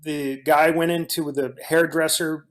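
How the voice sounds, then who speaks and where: A man with a notably high voice spins lively anecdotes as a guest, circling back and restarting mid-thought. He sounds loose and conversational, and his stories keep tumbling forward. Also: unhurried. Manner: animated storyteller, frequent restarts. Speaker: actor guest. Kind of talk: casual storytelling in a conversation.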